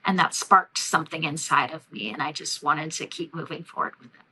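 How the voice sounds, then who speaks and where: A woman energy healer talking in a relaxed podcast interview, reflective and loose, with many fillers and light laughs. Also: deep voice, fairly quick, slight background noise, rough recording. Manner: warm, reflective, frequent fillers and soft laughs. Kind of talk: casual interview talk.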